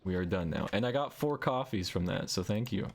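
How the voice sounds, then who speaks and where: Excitable, animated male streamer. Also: on the low side, a little fast, gravelly, faint music behind. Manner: excitable, playful, with sound-effect noises. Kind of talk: live game-stream chatter.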